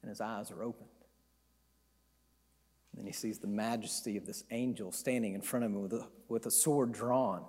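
A preacher retelling a Bible story in an animated, conversational sermon. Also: male voice, fairly low pitch, normal speed, pauses often, husky, long reverb tail.

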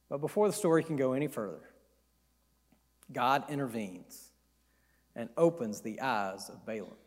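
A preacher retelling a Bible story in an animated, conversational sermon. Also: male voice, medium pitch, normal speed, pauses often, long reverb tail.

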